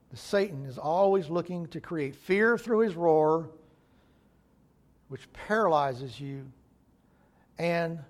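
A male pastor preaching a sermon in an emphatic way, repeating key phrases for weight. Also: sits high.

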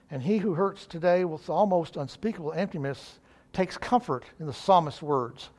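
A man preaching a sermon, earnest, rising in emphasis and slowing down on key phrases. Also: fairly high pitch.

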